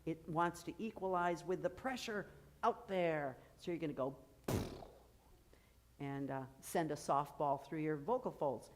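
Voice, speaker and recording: A woman's voice: low voice, measured pace, a little hiss or hum. A woman coaching a choir through vocal technique, explaining and encouraging as she demonstrates. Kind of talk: rehearsal vocal instruction.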